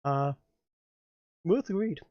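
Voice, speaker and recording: A man's voice: fairly high pitch, animated, slow pace, dry recording, dull audio. A man running a tabletop game as dungeon master, chatting in a rambling, hesitant way with many restarts. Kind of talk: casual tabletop game chat.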